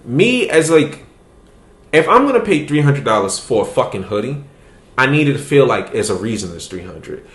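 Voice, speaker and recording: A man's voice: mid-range voice, big pitch swings, normal speed, fairly bright tone, roomy sound. A man hosting a podcast, telling a story in casual, profane chat and laughing as he goes. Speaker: podcast host.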